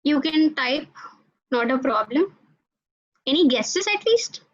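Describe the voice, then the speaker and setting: A young woman, giving an animated alumni talk to students over a video call. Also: sits high, slow. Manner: animated storytelling, addresses audience directly. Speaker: alumni guest speaker. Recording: dull lo-fi video call audio.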